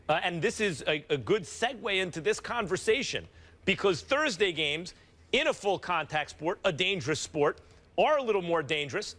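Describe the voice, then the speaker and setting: An American man on a television sports debate show who argues by firing rhetorical questions and answering them himself. His voice is high for a man and bright and sharp in tone. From United States.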